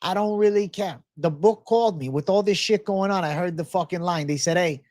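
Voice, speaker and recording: A man's voice: high-pitched, brisk, a little mellow, no room sound, clean studio sound. Profane, rambling male stream host. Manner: profane, rambling, flares into ranting. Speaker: livestream host. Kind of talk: live betting-picks stream talk.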